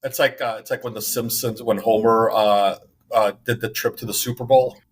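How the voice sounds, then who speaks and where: A man co-hosting a casual sports podcast, asking wry questions in a halting way with many fillers. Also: medium pitch, fairly even intonation, a little hiss or hum. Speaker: podcast co-host.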